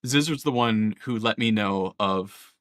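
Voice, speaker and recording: A man's voice: fairly low pitch, unhurried, fairly bright tone, dry recording, clean studio sound. A man doing a stern matriarch in a tabletop game. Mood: grave. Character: grave matriarch leader, mother of a household.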